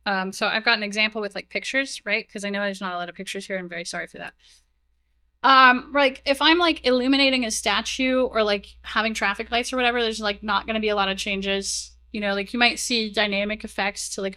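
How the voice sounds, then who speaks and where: Chatty woman giving a bright-toned conference talk. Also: mid-range voice, fairly even intonation, quick pace. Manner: chatty, heavy use of "like" and "um", self-deprecating asides. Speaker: conference speaker. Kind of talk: casual technical conference talk. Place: conference room, live talk. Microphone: stage mic, moves away while walking to slides.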